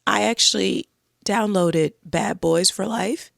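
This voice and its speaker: A woman co-hosting a comedy podcast, hoarse and croaky from a cold, chatting casually with self-deprecating, rambling asides. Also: medium pitch, slow pace, a bit bright, no echo, clean studio sound. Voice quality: husky, croaky. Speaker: podcast co-host.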